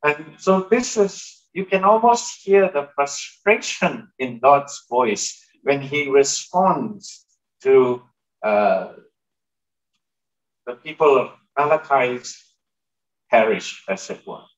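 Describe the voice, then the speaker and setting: A man's voice: medium pitch, lively intonation, slow, lo-fi sound. A male pastor giving a sermon in a conversational way, turning to the congregation with asides and questions. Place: church hall.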